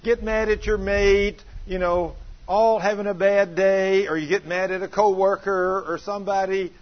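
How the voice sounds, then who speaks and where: A man preaching a sermon in church, asking the congregation questions and swinging between low, quiet asides and loud outbursts. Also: steady tone, normal speed. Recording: dull lo-fi sermon recording.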